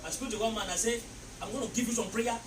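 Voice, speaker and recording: A woman preaching a sermon, shouting decrees and telling stories with bursts of laughter. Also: on the high side, fairly even intonation, fast talker. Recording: echoey hall recorded from a distance with background noise.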